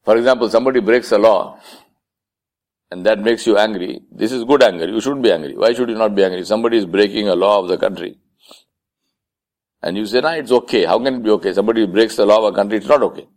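A man's voice: fairly low pitch, quick pace, a little mellow. A man giving an Islamic lecture in a conversational way, now and then acting out the voices of the people he quotes. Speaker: Islamic speaker. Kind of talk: sermon lecture.

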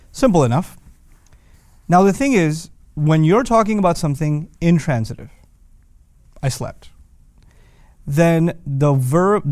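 A man's voice: fairly high pitch, darkish tone, dry recording, studio quality. A man hosting a casual lesson on the Quran, explaining grammar patiently with everyday examples and rising emphasis. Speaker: Quran teacher.

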